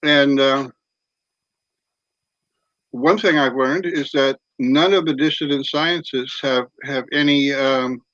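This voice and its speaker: Halting man on a dull, dry video call. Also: mid-range voice, steady tone, fairly bright tone, no room sound. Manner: halting, many restarts, eating while talking. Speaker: guest. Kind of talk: casual video-call chat.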